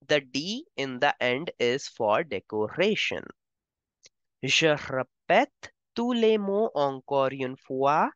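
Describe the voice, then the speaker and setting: Woman, patient teacher, low smooth voice, dull lo-fi recording. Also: no echo. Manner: slow, careful, repeats each word twice. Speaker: French teacher. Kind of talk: vocabulary lesson.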